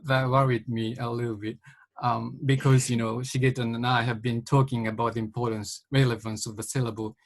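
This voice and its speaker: Man, gravelly voice, halting, many fillers, academic question, video call. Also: mid-range voice, little pitch movement. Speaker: professor asking a question.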